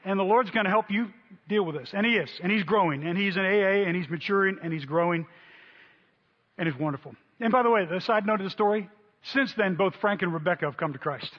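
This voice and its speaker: Animated high-voiced preacher man. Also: quick pace. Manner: animated storyteller, voices quotes loudly. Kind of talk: sermon storytelling. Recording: dull sound in a long-reverb hall.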